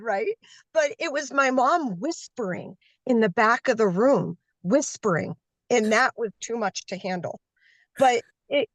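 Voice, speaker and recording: A woman guest telling a story candidly, her voice raspy from a cold, speaking from a parked car on a video call. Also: fairly high pitch, no room sound. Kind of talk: casual chat. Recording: dry, dull lo-fi call audio.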